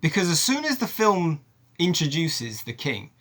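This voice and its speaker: A man's voice: on the high side, unhurried. Man ranting as a film reviewer. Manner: animated, profane, exasperated ranting.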